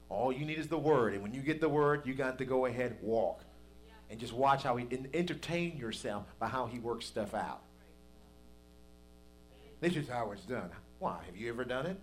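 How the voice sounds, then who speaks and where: A man's voice: mid-range voice, a little hiss or hum. A man preaching a sermon as pastor, in a folksy, conversational way that builds to emphatic peaks.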